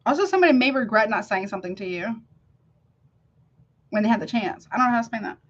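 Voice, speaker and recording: A woman's voice: a little high, animated, fast, muffled recording. A woman giving a casual tarot reading, emphatic and slangy, who keeps checking "you see what I'm saying?". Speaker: tarot reader.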